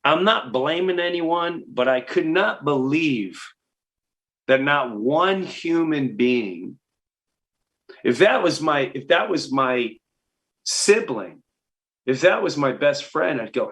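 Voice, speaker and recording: A middle-aged man, a comedian guest, telling stories in a podcast interview and acting out the people he quotes with big pitch jumps. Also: expressive, takes it slowly, a bit bright.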